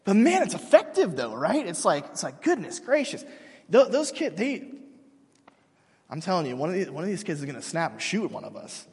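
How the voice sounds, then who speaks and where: Casting note: man in his thirties, a preacher with a slightly high, husky voice and a loose, joking storytelling style, caught in a reverberant hall. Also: sing-song, a little fast. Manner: casual, joking storytelling with many restarts. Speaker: pastor. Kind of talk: sermon.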